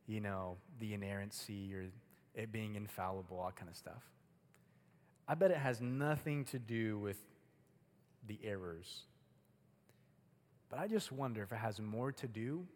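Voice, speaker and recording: A young man preaching a casual, chatty sermon to a youth group, using a lot of filler words. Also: on the low side. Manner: casual, chatty, heavy use of "like". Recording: long hall reverb.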